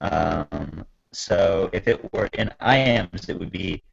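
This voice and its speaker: A man student talks through ideas casually in a gravelly, creaky voice. He reasons out loud at an easy pace. His audio comes through a dull, lo-fi video call. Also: deep voice, takes it slowly. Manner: thinking aloud, casual. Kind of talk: casual class discussion.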